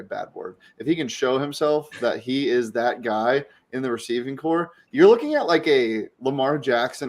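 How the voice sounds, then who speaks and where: A young American man co-hosting a sports podcast, arguing his picks quickly and correcting himself as he goes. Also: mid-range voice. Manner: fast, excited, self-correcting. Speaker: podcast co-host. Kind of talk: casual sports chat.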